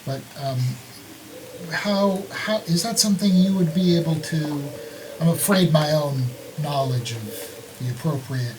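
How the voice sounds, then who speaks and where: A player speaking in character during a tabletop role-play, slow and full of hesitations. The voice sounds set back from the mic. A clear hiss runs underneath. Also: medium pitch, recorded from a distance. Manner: hesitant, halting with many fillers.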